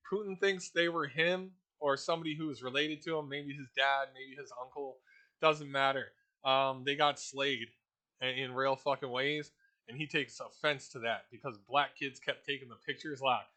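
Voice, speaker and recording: A man's voice: medium pitch, steady tone, unhurried, sharp tone. Brash, profane man on a rambling rant. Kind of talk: casual rant explaining a role-play setting.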